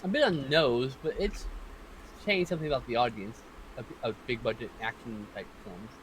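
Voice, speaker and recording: Male co-host, quick and loose, higher voice, faint hiss behind. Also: fairly bright tone, poor audio. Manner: quick, loose, swears freely. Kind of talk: casual chat.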